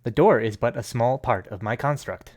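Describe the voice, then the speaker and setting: A man's voice: mid-range voice, moderate pace, darkish tone, dry recording, close to an everyday voice. A man voicing a prim magical door construct that speaks in a stiff, formal, literal-minded way.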